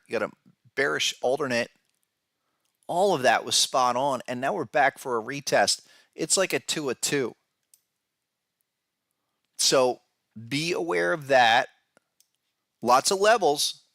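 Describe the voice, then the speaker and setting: Heard in studio-quality audio without echo, this man's mid-range voice comes across pushed and bright. He hosts a podcast as a trading analyst, chatting casually about markets, addressing viewers directly and frequently repeating words.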